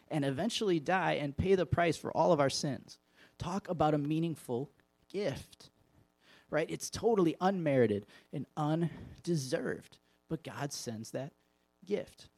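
A man's voice: on the high side, darkish tone, no echo. A man preaching an informal evening sermon, reading scripture aloud and talking conversationally to the congregation. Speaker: pastor.

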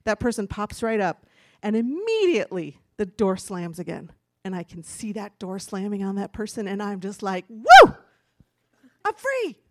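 A woman's voice: medium pitch, animated, moderate pace, heavy background noise. A woman giving a candid, chatty personal testimony from a church stage, laughing now and then as she talks. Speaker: speaker giving a church talk.

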